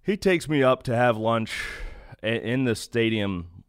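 A man's voice: mid-range voice, animated, a little slow, dry recording, clean studio sound. A young man, a baseball broadcaster, telling stories in an earnest, self-deprecating way as a guest. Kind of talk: conversational storytelling.

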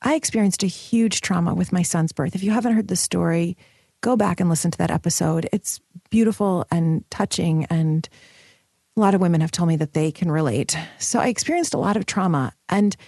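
A woman's voice: fairly low pitch, fairly quick, vocal fry, mellow, breathy edge, no room sound, clean studio sound. A woman hosting her own podcast in an upbeat, bubbly, emphatic motivational style. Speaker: podcast host. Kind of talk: upbeat solo podcast talk.

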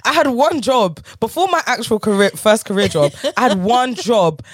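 Young woman on a podcast, jumpy pitch, laughs a lot, swears, dry close mic. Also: animated, moderate pace, no room sound. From England. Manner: chatty, laughs often, swears casually. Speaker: podcast co-host. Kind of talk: casual chat.

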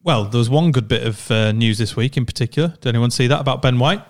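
A chatty man hosting a fan podcast, moving the talk from one topic to the next. He speaks quickly at a middling pitch, with a teasing edge. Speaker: podcast host. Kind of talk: casual fan podcast chat.

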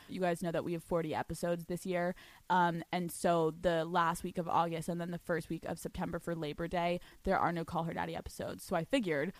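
A woman's voice: lowish voice, little pitch movement, a little fast, no room sound. A young woman hosting a solo podcast, telling a story in a brash, profane way with frequent laughter. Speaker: podcast host.

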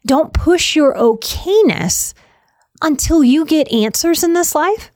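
A woman giving a self-help talk on anxiety, slow and soothing, repeating key phrases with emphasis. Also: high-pitched, lively intonation, a little mellow, dry recording, clean studio sound.

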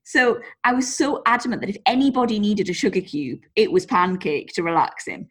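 A woman co-hosting a podcast, telling stories in a lively way and swearing casually. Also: medium pitch, a little fast, few pauses. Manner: animated storyteller, swears casually. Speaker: podcast co-host. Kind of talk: casual chat.

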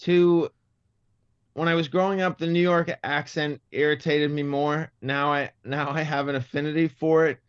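A man in his fifties from Massachusetts, a comedian appearing as an interview guest, talks in a neutral, Midwestern-sounding American accent, thoughtful and full of stammering restarts. His voice sits on the high side with little pitch movement, at a normal speed, and the tone is clear and resonant. The recording has no echo, but the highs are cut off.

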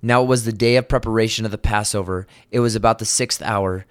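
A man preaching a sermon, reading scripture and then explaining it earnestly. He asks rhetorical questions and slows down to stress vivid details. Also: on the low side, steady tone, clear, resonant tone.

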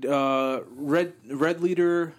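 A man's voice: fairly high pitch, fairly even intonation, takes it slowly. A man chatting casually with friends, joking, swearing and laughing often. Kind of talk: casual chat among friends.

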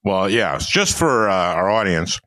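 An older man from Minnesota hosting a casual chat, telling stories in an animated way and laughing often. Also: low-pitched, normal speed, dry recording. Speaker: podcast host.

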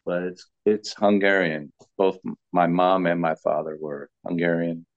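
A man's voice: low voice, fairly even intonation, measured pace, dry recording, lo-fi sound. A man from Florida, a podcast guest, talking in an easygoing, rambling way. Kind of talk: casual podcast chat.

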